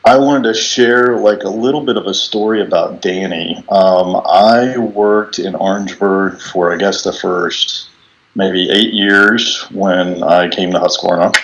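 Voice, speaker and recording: A middle-aged man telling a relaxed story about a coworker in a farewell speech on a video call, with many fillers and restarts. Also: low-pitched, highs cut off.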